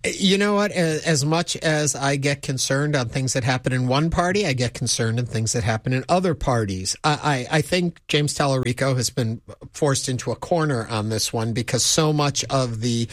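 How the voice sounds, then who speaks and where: A man's voice: mid-range voice, normal speed, no room sound, studio quality. A man co-hosting a call-in radio talk show, chatting in a conversational way and inviting listeners to phone in with their opinions. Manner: conversational, takes listener calls, gives opinions.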